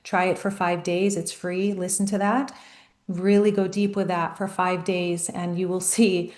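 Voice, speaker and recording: A woman life coach giving a motivational talk, emphatic and storytelling, slowing down on key phrases. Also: on the low side, little pitch movement, darkish tone, echoey room.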